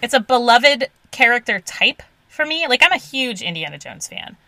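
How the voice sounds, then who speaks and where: A woman co-hosting a casual comics podcast, chatty and quick to laugh. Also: fairly high pitch, sing-song, sharp tone, no room sound, rough recording. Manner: chatty, many "like" fillers, laughs easily. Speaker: podcast co-host.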